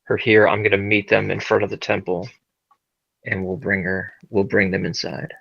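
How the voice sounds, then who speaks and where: Gravelly, low-voiced man. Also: flat delivery, normal speed. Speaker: player. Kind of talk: in-character tabletop role-play. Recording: dull lo-fi sound.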